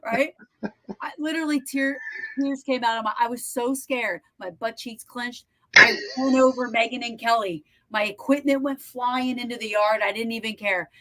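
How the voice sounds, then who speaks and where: A woman hosting a podcast over a video call, telling a story in animated, breathless bursts with lots of restarts and some swearing. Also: a little high, normal speed. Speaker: podcast host. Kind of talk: casual storytelling chat.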